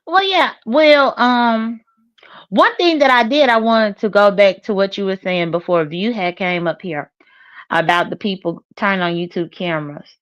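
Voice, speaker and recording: A woman's voice: medium pitch, normal speed, fairly bright tone, dry recording, dull audio. A woman co-hosting a casual commentary show, rambling and hesitant, with many fillers.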